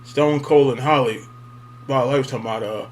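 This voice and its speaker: A man's voice: medium pitch, fairly even intonation, brisk, a little hiss or hum. Laid-back man hosting a chat. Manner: loose, rambling interjections with fillers. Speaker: podcast host. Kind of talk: casual chat.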